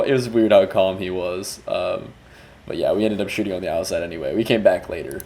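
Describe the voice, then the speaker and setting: A man's voice: low voice, fast talker, darkish tone. A man, a music video director, talking loosely through a breakdown of his work and restarting his sentences as he goes. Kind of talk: casual video breakdown commentary.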